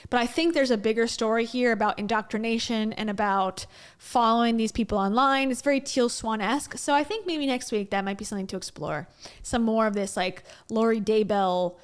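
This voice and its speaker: A woman's voice: on the high side, smooth. A woman hosting her own channel, talking in a chatty, joking, casual commentary style. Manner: chatty and joking, with frequent laughs and restarts. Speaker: vlogger host.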